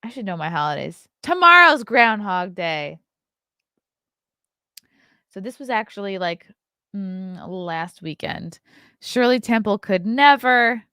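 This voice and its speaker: A woman's voice: on the low side, lively intonation, slow, long pauses, pushed and bright, clean tone, no room sound, clean studio sound. A woman hosting a casual morning livestream, chatting loosely with her viewers and yawning now and then. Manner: chatty, keeps yawning and laughing. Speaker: podcast host.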